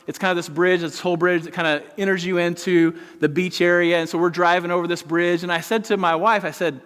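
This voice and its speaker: A middle-aged man pastor preaching a sermon, telling a story in an animated way. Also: sits high, fairly quick, few pauses, clean tone. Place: large church auditorium. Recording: long reverb in a large hall.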